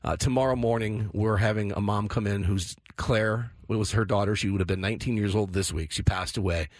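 A man's voice: on the low side, fairly even intonation, a little fast, dry recording. A tired man making an earnest, emotional charity appeal, stammering a little as he talks. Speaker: charity radiothon guest. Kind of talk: call-in appeal.

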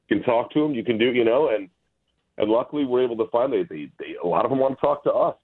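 A man appearing as a guest on a talk show, speaking haltingly with many fillers and restarts. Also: mid-range voice. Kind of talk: casual chat. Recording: tinny phone line.

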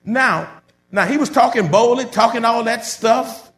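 A man preaching a sermon, reading scripture slowly and then breaking into loud, emphatic commentary. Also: very high-pitched. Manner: builds from measured reading to loud emphatic bursts.

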